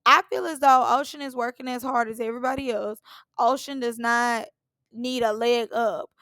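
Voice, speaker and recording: A woman's voice: fairly high pitch, steady tone, moderate pace, a bit bright, no echo. A woman, giving a sassy, opinionated recap of a reality show in a casual, blunt way.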